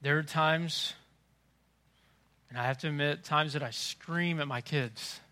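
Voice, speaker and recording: A middle-aged male pastor preaching a sermon with impassioned delivery, dropping to a hush and rising to loud emphasis. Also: fairly high pitch, unhurried.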